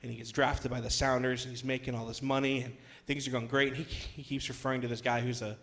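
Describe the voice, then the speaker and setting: A young man preaching as a youth pastor, telling a story in a conversational way with many fillers, then rising to loud, emphatic passages. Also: medium pitch, little pitch movement, fast talker. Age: young adult. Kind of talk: sermon with storytelling.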